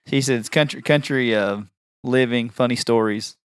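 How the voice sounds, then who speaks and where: A man's voice: medium pitch, moderate pace, clean tone, dry recording, clean studio sound. A man with a country accent co-hosting a casual podcast chat, joking and laughing at himself. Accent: rural country accent. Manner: joking, self-mocking, laughs often. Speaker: podcast co-host.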